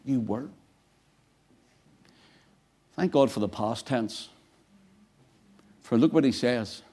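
Male preacher, mellow dark voice, quiet then suddenly loud and emphatic. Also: mid-range voice, slow pace, breathy edge. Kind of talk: sermon.

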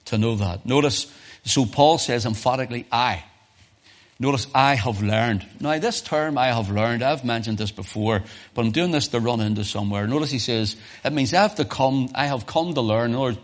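Man, preacher, middle pitch, emphatic then hushed, repeats himself, church service. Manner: preaching with swings between loud emphasis and soft, low asides; repeats phrases and restarts often. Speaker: pastor. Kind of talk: sermon.

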